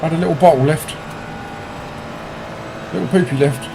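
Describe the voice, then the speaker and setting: A man streaming a sim race, commenting live and bantering with viewers in an excitable, self-mocking way. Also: on the high side, normal speed, gravelly. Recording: loud racing game engine noise behind.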